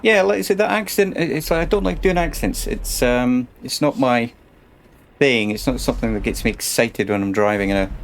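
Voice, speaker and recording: A man's voice: medium pitch, brisk, slight background noise. A man casually commenting while he plays a truck game on a stream, chatty and muttering to himself.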